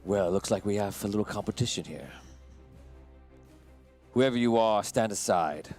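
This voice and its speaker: A man voicing an arrogant male usurper who claims a throne by bloodline, speaking slowly and with command. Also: lowish voice, a little mellow, soft background music, voice pushed down, lightly acted. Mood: threatening. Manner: haughty and commanding, slow deliberate delivery.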